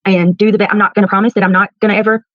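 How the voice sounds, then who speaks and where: Earnest woman talking to her viewers fast, muffled lofi audio. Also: mid-range voice, flat delivery, no echo. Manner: measured, earnest, halting restarts. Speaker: content creator. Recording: dull lo-fi clip.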